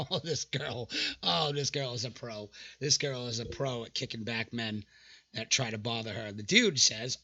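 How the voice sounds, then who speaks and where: Young man, gravelly husky voice, bright tone, mocking exasperated commentary. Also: mid-range voice, unhurried, highs cut off. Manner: mocking, exasperated, swears freely. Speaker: channel host reacting to dating app screenshots. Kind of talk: casual reaction commentary.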